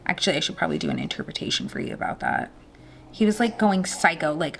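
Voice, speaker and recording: A woman's voice: on the low side, very animated, normal speed, gravelly, faint music behind, rough recording. A woman hosting a casual cooking demonstration in a home kitchen, chatty and self-deprecating with joking asides. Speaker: cooking show host.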